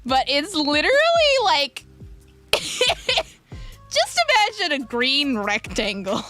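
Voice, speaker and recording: A young woman streamer with a high-pitched, sing-song voice reads viewer messages aloud in a casual, playful chat. She giggles often and jumps onto quick tangents, with music playing behind her.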